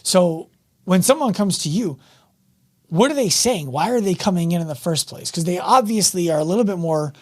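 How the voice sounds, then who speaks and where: A man's voice: sits high, expressive, moderate pace. A man hosting a fitness podcast and interviewing a guest, chatty, asking long winding questions. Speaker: podcast host and fitness coach. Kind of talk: casual interview talk.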